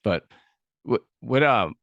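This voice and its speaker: A man's voice: medium pitch, expressive, slow, vocal fry, fairly bright tone, dry recording, lo-fi sound. A middle-aged man hosting a podcast interview, joking and rambling with frequent restarts. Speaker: podcast host. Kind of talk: casual interview chat.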